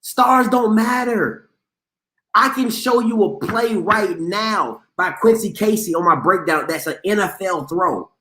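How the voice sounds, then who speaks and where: Animated slangy man hosting sports talk. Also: sits high, measured pace, reverberant. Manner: animated, emphatic, slangy, repeats himself. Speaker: host of a live sports talk show. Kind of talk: casual sports commentary.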